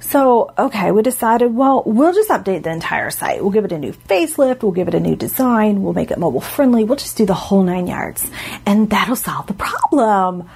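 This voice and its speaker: A woman with a breathy, husky voice tells a story to a congregation. She acts out her own reactions, and her voice leaps up high on the punchlines. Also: animated, a little fast, few pauses, dark tone. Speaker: speaker at a religious gathering.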